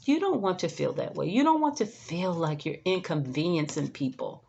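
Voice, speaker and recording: A woman caregiver giving casual advice, chatty, tagging her sentences with "right?" and "okay?", sometimes dropping to a soothing hush. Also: on the low side, normal speed, gravelly, lo-fi sound, slight background noise. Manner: soothing, drops to a hush when modeling calm words. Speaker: in-home caregiver. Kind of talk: casual advice talk to camera.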